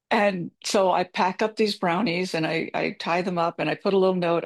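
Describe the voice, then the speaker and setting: A middle-aged woman with a slightly lower voice talks candidly through a personal story. She pokes fun at herself and fills her speech with casual "uh"s and "you know"s as she gives advice. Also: steady tone, moderate pace. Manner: candid, self-deprecating storytelling with filler words. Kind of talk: personal advice talk with anecdote.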